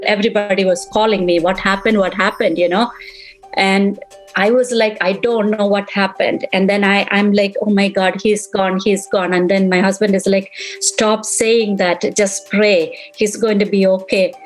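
A middle-aged woman in an interview, recounting a painful memory in halting speech that repeats itself and acts out past conversations. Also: mid-range voice, steady tone, soft background music, low-quality recording. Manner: halting, repeats herself, relives quoted dialogue. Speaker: interviewee, mother of victim.

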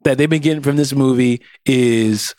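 A man co-hosting a casual podcast about movies, talking in an animated way and jumping his voice up high when he mocks something. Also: normal speed, no room sound, studio quality. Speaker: podcast co-host.

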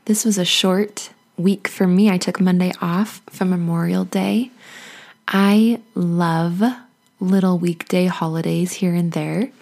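A woman hosting her own podcast as a life coach, talking casually in a chatty, encouraging way with a husky morning voice. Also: fairly low pitch, steady tone, takes it slowly, darkish tone. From United States. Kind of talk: casual solo podcast talk.

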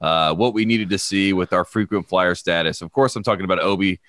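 A man's voice: sits low, a little fast, fairly bright tone, dry recording, studio quality. A man co-hosting a casual sports podcast, confident and playful as he talks up a player. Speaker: podcast co-host.

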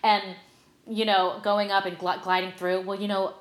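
A middle-aged woman, a stage actress, telling stories as a guest in a casual interview, animated and full of fillers. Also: medium pitch, moderate pace. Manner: animated, chatty, lots of fillers. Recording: roomy echo.

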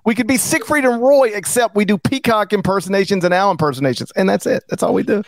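A middle-aged man co-hosting a sports podcast, talking in a playful, rambling, animated way. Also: sits high, fast talker, no room sound. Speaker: podcast co-host. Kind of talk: casual sports podcast banter.

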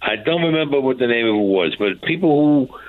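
A man's voice: mid-range voice, expressive, a little fast, no room sound. A man telling a courtroom story, bluntly and profanely, acting out what each person said. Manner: acts out quotes, blunt and profane. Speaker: former mob enforcer guest. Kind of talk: animated storytelling. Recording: dry tinny phone-like line.

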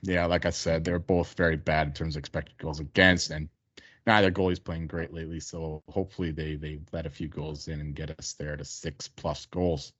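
A man's voice: extremely low pitch, flat delivery, moderate pace, a bit bright, breathy edge, dry recording. A man co-hosting a sports betting podcast, talking casually and rambling a bit. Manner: casual, rambling, full of ums and uhs. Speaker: podcast co-host. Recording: dry dull lo-fi audio.

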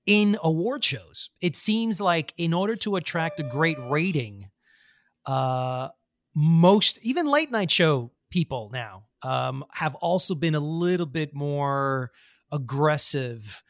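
A man's voice: a little high, sing-song, slow pace, dry recording. A man co-hosting a podcast who chimes in with short agreements and comments. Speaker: podcast co-host. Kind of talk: conversational podcast interview.

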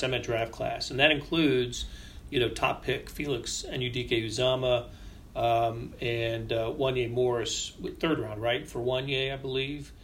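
A man with a bright, forceful voice at a middle pitch, co-hosting a sports podcast with a faint hum of background noise. He speaks haltingly, stacking repeated words as he feels his way toward a point. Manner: halting, repeats words while searching for phrasing. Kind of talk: casual sports analysis chat.

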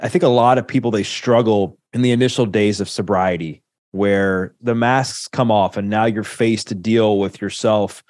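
Young male podcast host, low-pitched, earnest and rambling, dry close mic. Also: a little mellow, no room sound. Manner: earnest, rambling questions full of "like". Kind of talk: interview questions.

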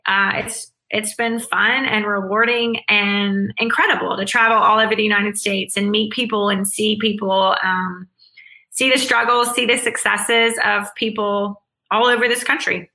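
A woman's voice: mid-range voice, steady tone, normal speed, bright, forceful tone, poor audio. A woman speaking as an interview guest, answering in an earnest, upbeat way with frequent restarts.

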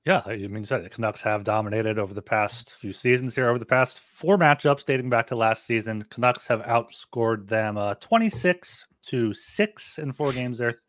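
Male podcast co-host, casual betting chat, dry studio sound, relaxed delivery with fillers. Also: medium pitch, normal speed, few pauses, no room sound. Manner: reads odds and lines, relaxed with fillers.

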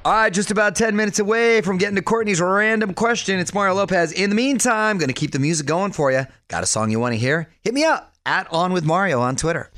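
A man hosting a radio show in a studio, talking in an energetic, chatty way and laughing often. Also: high-pitched, fast, hardly any pauses. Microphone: studio microphone.

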